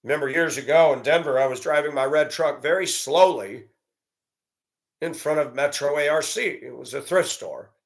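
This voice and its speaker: A man's voice: a little high, normal speed, vocal fry. A man giving a blunt, profane, indignant monologue and telling a story about a run-in. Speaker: commentator. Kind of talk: ranting monologue.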